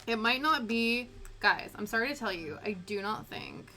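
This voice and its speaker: A woman's voice: on the high side, lively intonation, normal speed. A young woman with an English Canadian accent, chatting casually with her stream chat while she crafts, laughing often. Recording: soft music under the voice. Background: quiet background music.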